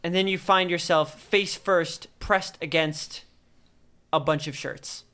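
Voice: medium pitch, steady tone, slow, fairly bright tone. A game master narrating a tabletop game in a playful, joking way. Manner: playful, laughs at own narration.

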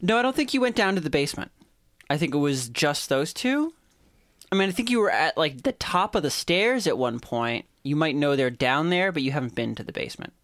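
A game master narrates a tabletop game with vivid, drawn-out description and calls on players for rolls. The voice sits at a middle pitch. It is recorded dry and close. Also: very animated, a bit bright, no room sound.

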